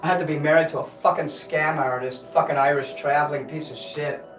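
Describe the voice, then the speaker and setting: A man's voice: a little high, steady tone, fairly quick, highs cut off, music in the background. A man on a casual livestream, ranting bitterly and cursing, often stopping to correct himself. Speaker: livestream host.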